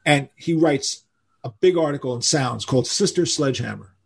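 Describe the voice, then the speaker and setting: An older man from New York, a rock musician telling stories in a casual interview, animated and acting out the voices of people he quotes. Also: medium pitch, moderate pace, gravelly, slightly rough. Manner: animated storyteller who acts out quoted voices.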